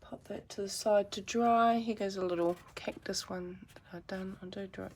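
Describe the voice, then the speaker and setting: A woman's voice: mid-range voice, steady tone, normal speed, a little mellow, slight background noise. A woman giving a chatty, rambling painting tutorial with self-deprecating asides. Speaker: art teacher.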